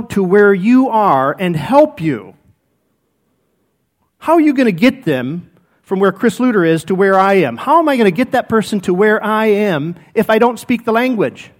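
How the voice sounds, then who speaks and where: A middle-aged male pastor preaching a sermon, telling personal stories and acting out what people said. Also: high-pitched. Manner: animated storytelling, acts out quoted speech.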